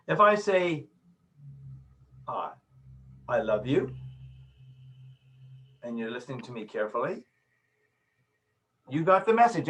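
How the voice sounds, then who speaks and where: A man with a high-pitched, sharp-toned voice lectures in a recorded video session over a video call microphone. He is emphatic, repeating his key phrases and acting out small examples.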